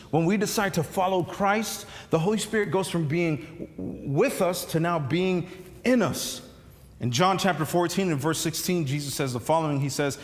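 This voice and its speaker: Male pastor, chatty storytelling sermon, slightly high voice, long hall reverb. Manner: conversational storytelling preacher, many restarts and fillers.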